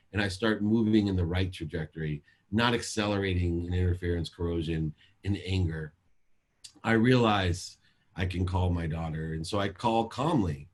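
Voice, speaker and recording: A man speaking as a motivational speaker at a sales seminar, emphatic and repetitive in a preachy way. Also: low-pitched.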